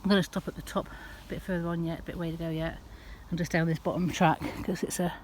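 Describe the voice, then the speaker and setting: A woman with a Northern English accent vlogging casually as she walks a wet park track, chatty and given to high sing-song baby talk with her cats. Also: flat delivery, fast, slight background noise. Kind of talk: casual walking vlog.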